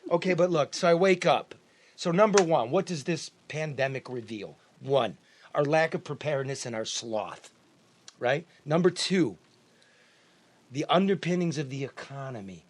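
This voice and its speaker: A man's voice: fairly high pitch, expressive, moderate pace, slight background noise. A man from the American Midwest hosting a news talk show, blunt and profane, often restarting his sentences. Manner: blunt, profane, repeats himself. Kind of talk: casual talk show banter.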